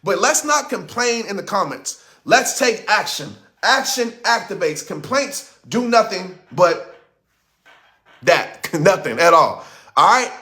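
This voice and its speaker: A man's voice: sits high, sing-song, slow, pushed and bright. A man giving a blunt, impassioned motivational talk. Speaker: motivational speaker.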